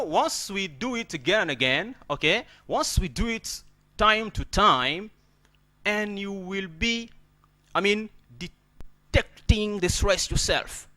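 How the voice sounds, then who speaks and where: A man's voice: high voice, sharp tone. A man teaching an English pronunciation lesson, repeating words and checking in with "okay?" after nearly every point.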